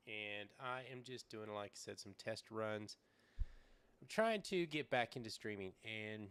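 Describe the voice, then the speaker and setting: Middle-aged man, low gravelly casual streamer voice, easygoing ramble. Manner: rambling, relaxed, thinks aloud with fillers. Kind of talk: casual live-stream chat. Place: small backyard shed with air conditioner running. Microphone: desk microphone, sometimes leaning away.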